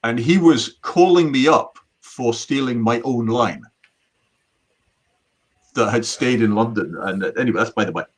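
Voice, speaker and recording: A man's voice: medium pitch, moderate pace. A middle-aged man, a magician telling rambling stories in a casual interview chat. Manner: rambling storyteller with many restarts. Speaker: magician guest.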